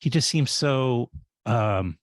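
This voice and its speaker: Halting male interviewer, dry sound. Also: mid-range voice, expressive, no echo. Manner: rambling, halting questions with many restarts. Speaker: interview host. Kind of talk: casual interview chat.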